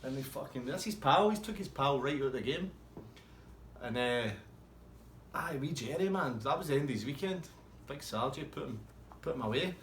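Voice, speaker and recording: A man's voice: medium pitch, lively intonation, moderate pace, pauses often, reverberant, a little hiss or hum. A man telling a rambling, swear-heavy anecdote in a casual way. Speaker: storyteller.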